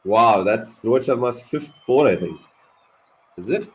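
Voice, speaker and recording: A man giving live ball-by-ball cricket commentary on a watch-along stream, excitable and swearing at big moments. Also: mid-range voice, unhurried, poor audio. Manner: excitable, swears, animated reactions.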